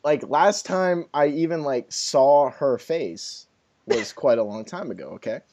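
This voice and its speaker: A man's voice: a little high, animated, a little slow, a little mellow, slight background noise. Young male co-host, dry self-mockery, voice swings up and down. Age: young adult. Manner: wry and self-mocking. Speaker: podcast co-host. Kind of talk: casual chat.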